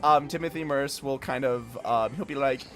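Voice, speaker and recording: A man's voice: medium pitch, normal speed, creaky, loud music behind the voice. A young man narrating a tabletop game as game master, loose and giggly, swearing casually.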